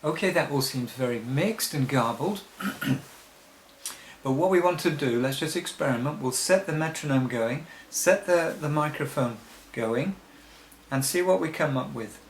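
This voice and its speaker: A man teaching songwriting rhythm, explaining slowly and patiently, step by step. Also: a little high, expressive, slight background noise. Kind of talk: recorded teaching demonstration. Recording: echoey room.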